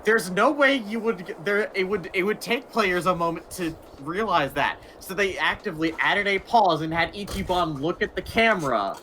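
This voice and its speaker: Animated bright-voiced man telling stories. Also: high-pitched, moderate pace, few pauses, a little hiss or hum. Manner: storytelling, animated retelling. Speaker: stream guest. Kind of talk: casual chat.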